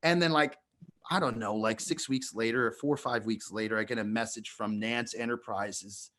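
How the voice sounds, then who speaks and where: A man's voice: lowish voice, fairly even intonation, normal speed, fairly bright tone. A man co-hosting a podcast, telling a long story in a casual, rambling way. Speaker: podcast co-host.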